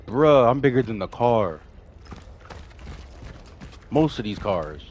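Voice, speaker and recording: A man's voice: mid-range voice, very animated, takes it slowly, darkish tone, muffled recording, slight background noise. A man streaming a horror game, chatting casually in slang while reacting to the game and to his viewers. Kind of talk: casual live gaming commentary.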